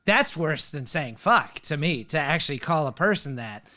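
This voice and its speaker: A man's voice: fairly high pitch, expressive, moderate pace, bright, forceful tone. A man in his thirties co-hosting a casual parenting podcast, talking candidly and laughing easily. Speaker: podcast co-host. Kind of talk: casual chat.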